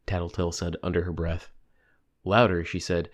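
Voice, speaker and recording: A man narrating an audiobook in a steady, even reading. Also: low-pitched, normal speed. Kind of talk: scripted narration.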